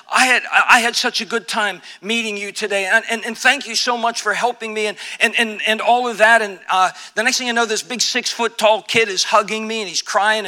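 Bright-voiced, high-pitched male pastor preaching. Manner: storytelling, animated with repeated restarts. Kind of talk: sermon.

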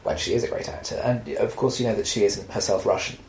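A man's voice: lowish voice, fairly even intonation, quick pace, darkish tone, echoey room, low-quality recording. A man co-hosting a casual film podcast, recapping the plot and teasing and correcting his co-host.

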